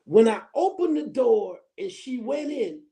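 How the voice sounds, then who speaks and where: A middle-aged woman telling a story as a guest on a talk show, animated and laughing as she acts it out. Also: a little high, a little slow. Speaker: guest, former school counselor. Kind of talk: storytelling in casual chat.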